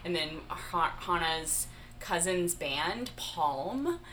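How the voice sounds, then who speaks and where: A woman's voice: fairly low pitch, animated, drawn-out words, a bit bright, slight background noise. A tired woman guest in casual conversation, chatty and rambling, laughing easily. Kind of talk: casual chat.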